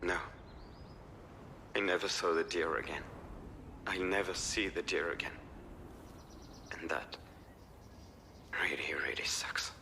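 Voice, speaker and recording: A sad, worn-out man in a story game. His voice sits very low and soft, falling to a near hush, with a faint hum of ambience behind him. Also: steady tone, measured pace, pauses often. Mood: wistful. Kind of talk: video game voice acting.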